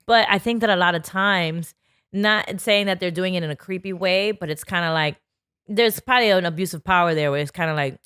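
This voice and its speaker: A woman in her thirties from New York, guest on a casual talk show, telling stories in an animated way and acting out what people said. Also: fairly low pitch, a little fast, smooth, dry recording, studio quality. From New York, Bronx. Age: 30s. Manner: animated storytelling, acts out quotes. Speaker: guest comedian. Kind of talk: casual podcast chat.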